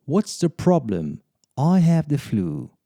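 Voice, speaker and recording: A man reading English lesson phrases and example sentences in a slow, deliberate drill style. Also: fairly high pitch, big pitch swings, gravelly, dark tone, dry recording, studio quality. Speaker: English teacher.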